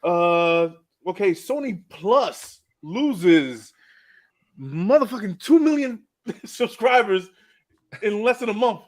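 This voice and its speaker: High-voiced man chatting bluntly. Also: animated, slow pace. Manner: blunt, casual, swears freely. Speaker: podcast co-host. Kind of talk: casual podcast chat.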